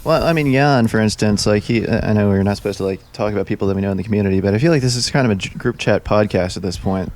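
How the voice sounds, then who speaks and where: Fast-talking man with a low voice. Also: a little mellow. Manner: rapid rambling banter, joking, many fillers. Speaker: podcast co-host. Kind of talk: casual chat.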